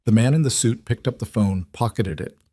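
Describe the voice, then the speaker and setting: A man narrating a crime story in a measured, tense scripted read. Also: on the low side, dark tone, no echo, studio quality.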